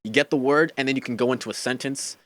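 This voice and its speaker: A young man, a podcast guest, chatting casually and telling animated stories full of fillers. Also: medium pitch, fast, no room sound. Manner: animated storyteller, many fillers.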